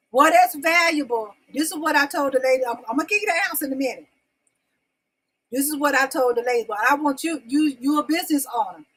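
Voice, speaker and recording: A woman's voice: sits high, fairly bright tone, rough recording. A woman hosting her own live-stream talk show, chatting casually with viewers and coaxing them to answer in the comments, repeating her questions. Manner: folksy, addresses viewers as y'all and babies.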